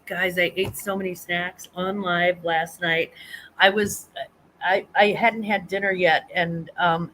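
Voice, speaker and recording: A middle-aged woman chats and rambles on her home live stream, laughing often and restarting sentences as she reads comments aloud. Her voice is bright and lively, with a faint hiss of room noise behind her. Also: on the low side. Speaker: host of a live chat stream. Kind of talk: casual live-stream chat reading comments.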